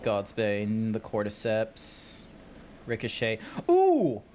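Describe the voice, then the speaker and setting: Slow-talking Australian guy streaming. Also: on the low side, wildly swooping pitch, a little mellow, a little hiss or hum. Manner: playful, rambling, swears casually. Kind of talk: casual gaming stream chat.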